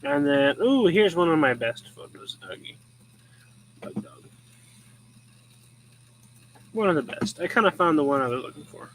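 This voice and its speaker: A man's voice: a little high, very animated, moderate pace, slight background noise, poor audio. A young man hosting a show, chatting casually and chuckling as he rambles through his old photos. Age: young adult. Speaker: host. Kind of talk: casual chat showing photos. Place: rural home.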